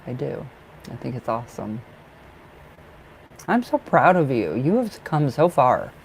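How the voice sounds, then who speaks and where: Gravelly-voiced man chatting on a live stream. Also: medium pitch, big pitch swings, measured pace, rough recording. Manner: effusive and affectionate, talks to viewers by name; chatty, laughs often, restarts sentences. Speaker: tarot reader. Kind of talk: casual live-stream chat.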